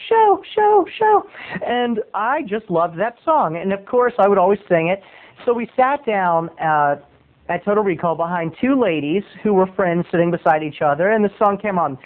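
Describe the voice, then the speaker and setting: A man video blogger telling a rambling comic story in a chatty, playful, digressive way. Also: high voice. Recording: tinny phone-like recording.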